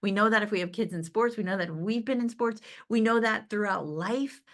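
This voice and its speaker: A woman's voice: medium pitch, fairly quick. Upbeat woman giving a chatty pep talk. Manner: upbeat and conversational, often asks "right?" and "okay?"; laughs easily. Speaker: direct-sales team leader giving a motivational talk. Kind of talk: motivational talk.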